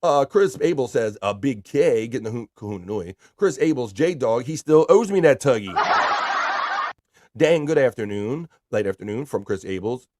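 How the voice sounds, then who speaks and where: A man hosts a laid-back livestream, reading out chat messages and greeting viewers one by one. His voice sits at an ordinary middle pitch and sounds close and dry, with no room echo. He talks loosely and swears casually. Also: expressive, normal speed. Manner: loose and profane, shouting out chatters by name. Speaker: livestream host.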